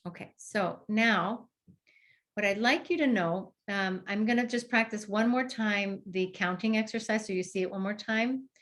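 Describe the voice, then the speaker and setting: A woman clinician leads a training session, explaining each step and then modeling the exercise aloud. Her voice sits at an ordinary middle pitch, and she pauses often to breathe as she demonstrates. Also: fairly bright tone. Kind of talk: instructional demonstration.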